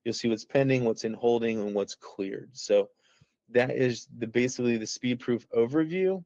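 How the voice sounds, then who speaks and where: A man of medium pitch and moderate pace, his tone a little mellow, gives a rambling, folksy screen-share tour of the app he founded over a video call, often interrupting himself. The recording is dry and dull.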